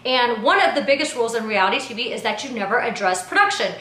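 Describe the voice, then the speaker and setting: Woman, bright voice, fairly high, animated and indignant, slangy storytime chat, echoey room. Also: fast talker. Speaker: reality TV personality and producer. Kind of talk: casual storytime recap to camera.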